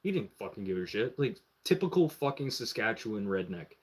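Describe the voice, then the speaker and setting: A man's voice: lowish voice, brisk, breathy edge. A man on a live stream telling a long story in a casual way, swearing freely and acting out what other people said. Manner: animated, profane, acts out the voices of others.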